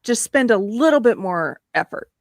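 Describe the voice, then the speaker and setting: A woman hosting a casual live-stream talk show, laughing often and ranting in an animated way. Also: on the high side, normal speed, no echo, studio quality. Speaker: host.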